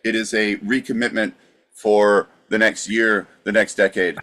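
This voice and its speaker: Low-voiced laid-back male podcaster. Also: fairly even intonation, unhurried, sharp tone. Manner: dry, wraps up segments. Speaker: podcast co-host. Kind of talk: casual podcast banter.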